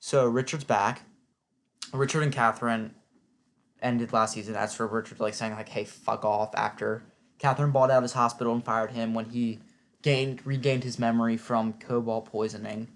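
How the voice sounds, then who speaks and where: A man's voice: mid-range voice, fairly even intonation, moderate pace. Chatty opinionated man recapping a show. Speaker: TV recap vlogger. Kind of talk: casual spoken recap.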